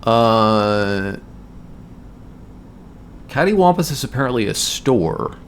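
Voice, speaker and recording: Gravelly man musing over gameplay. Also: mid-range voice, animated, slow pace, a little hiss or hum. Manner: chatty, musing aloud about words. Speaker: game streamer. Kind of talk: casual gameplay commentary.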